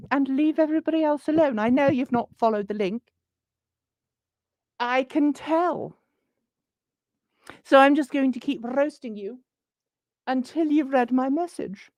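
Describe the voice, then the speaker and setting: Lady putting on a pompous old queen, tells you off, kinda high, dry close sound. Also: no echo. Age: 179 as a joke figure; old. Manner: pompous, patronising scolding. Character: haughty ancient queenly woman, scolding. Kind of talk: comic in-character rant.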